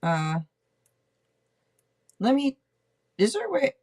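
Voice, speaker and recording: A woman's voice: high voice, huge pitch swings, takes it slowly, a little mellow. A woman hosting a casual livestream, chatting loosely and swearing now and then as she reads names off a list. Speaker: podcast host reading tarot for a live chat.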